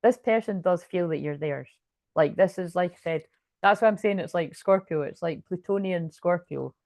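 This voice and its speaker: A woman's voice: fairly low pitch, moderate pace, a little mellow, dry recording. A woman giving a casual tarot card reading, chatty and rambling, with restarts and swearing. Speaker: tarot reader.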